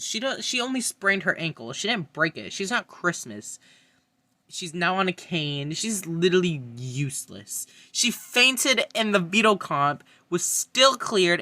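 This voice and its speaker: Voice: mid-range voice, expressive, a little slow, bright, forceful tone, dry recording. A young adult vlogger giving a casual, blunt and opinionated ranking monologue, swearing freely. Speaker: reality TV fan vlogger.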